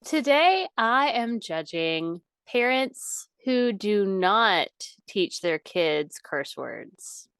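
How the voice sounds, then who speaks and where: A woman's voice: medium pitch, very animated, extremely slow, few pauses, fairly bright tone, smooth, dry recording. A woman co-hosting a podcast, telling a funny story in casual chat with lots of laughter. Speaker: podcast co-host.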